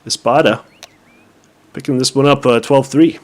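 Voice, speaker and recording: A man's voice: medium pitch, fairly even intonation, normal speed. A man calling a shooter match, wry and rambling, with lots of filler words. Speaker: esports caster. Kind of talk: play-by-play commentary. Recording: faint background noise.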